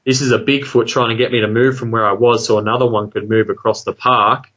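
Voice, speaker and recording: A man with an Australian accent telling a long story about his own experience in a casual, rambling way, full of fillers, quickening into excited asides. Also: mid-range voice, muffled recording. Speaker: guest telling an encounter story.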